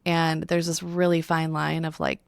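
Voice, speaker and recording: A woman's voice: low voice, little pitch movement, normal speed, vocal fry, clean tone, no room sound, clean studio sound. A woman in her thirties co-hosting a podcast in casual chat, candid and openly emotional, swearing now and then. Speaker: podcast co-host.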